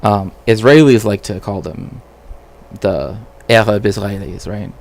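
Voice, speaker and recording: A man's voice: on the low side, measured pace, gravelly, a little mellow. A man streaming casual commentary as a cultural historian, rambling with frequent "right?" tags and restarts.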